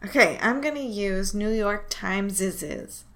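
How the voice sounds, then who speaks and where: A woman's voice: medium pitch, slow pace, fairly bright tone. A woman co-hosting a podcast, chatting casually in a dry, easygoing manner. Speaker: podcast co-host. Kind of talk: casual chat.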